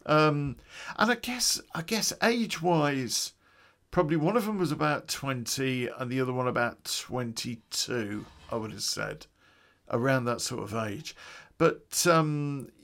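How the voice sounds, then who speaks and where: A man's voice: medium pitch, a little slow, a bit bright. A man telling a personal story on a podcast in a casual, profane, conversational way with chuckling asides.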